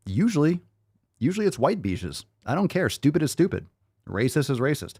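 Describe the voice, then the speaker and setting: Male podcast host, lively swearing rant, dry close mic. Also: medium pitch, moderate pace, slightly rough, no echo. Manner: profane, incredulous, repeats phrases for emphasis. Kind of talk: casual ranting commentary.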